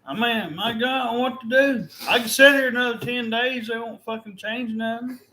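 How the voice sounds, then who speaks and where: A man's voice: very high-pitched, moderate pace, bright, forceful tone, slight background noise. A weary, fed-up man in a casual, angry rant, swearing constantly as he complains. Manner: angry, profane ranting.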